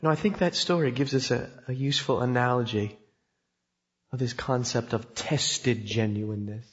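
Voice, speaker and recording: A man's voice: mid-range voice, steady tone, normal speed, slightly rough. A man preaching a sermon, telling a story with emphasis and putting questions to his listeners. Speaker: pastor. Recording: dull sound in a reverberant hall.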